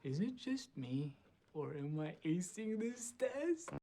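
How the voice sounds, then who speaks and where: A man's voice: high-pitched, very animated, slow pace, a loud crowd, full character voice. An actor playing a dim but sweet young man in a sitcom, laid-back and slangy. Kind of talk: sitcom acting.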